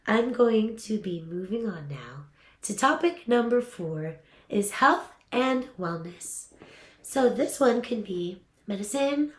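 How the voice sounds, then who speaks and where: A young adult woman giving a casual voiceover lesson, chatty and upbeat with frequent fillers. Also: medium pitch. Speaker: voiceover coach. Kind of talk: casual teaching talk. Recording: echoey room.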